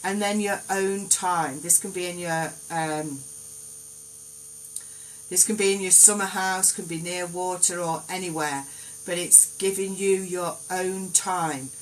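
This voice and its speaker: A woman giving gentle, reassuring card readings on a live stream, in an unhurried, meandering way. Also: fairly low pitch, fairly even intonation, slight background noise, low-quality recording. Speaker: psychic card reader.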